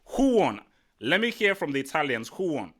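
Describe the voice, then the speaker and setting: In a casual live football chat, the male host rambles animatedly and repeats words. He has a fairly high pitch and a moderate pace.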